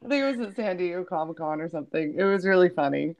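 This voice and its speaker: A woman's voice: fairly low pitch, lively intonation, darkish tone, lo-fi sound, slight background noise. A woman in a casual fan discussion of a TV episode, eager, laughing easily and jumping in to add her view. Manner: eager, quick to laugh and interject.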